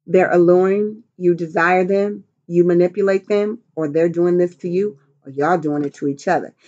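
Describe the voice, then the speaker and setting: A woman's voice: fairly low pitch, steady tone, normal speed, a little mellow, highs cut off. A middle-aged woman giving a casual tarot reading, brash and profane, clowning around with silly voices and bits of song. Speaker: tarot reader.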